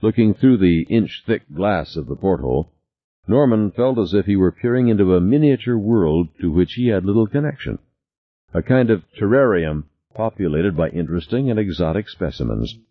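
Deep-voiced man narrating expressively. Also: moderate pace, phone-quality sound. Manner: dramatic, expressive reading. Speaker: audiobook narrator. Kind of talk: scripted narration.

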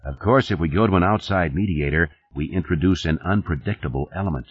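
A man reading the part of a cautious, measured company executive in an audiobook. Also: deep voice, slightly rough, no echo. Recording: dull, dry studio recording.

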